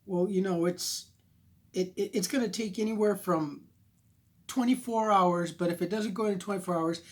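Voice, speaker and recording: A man's voice: sits high, moderate pace, pitched above the performer's own voice, close to an everyday voice. A man voicing a customer service representative on the phone who stays formal and placating, stumbling over his words.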